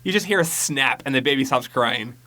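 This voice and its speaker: A man's voice: mid-range voice, expressive, fairly quick, pushed and bright. A man casually recapping a horror movie on a podcast, rambling and profane, mocking the plot and mimicking lines. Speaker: podcast co-host.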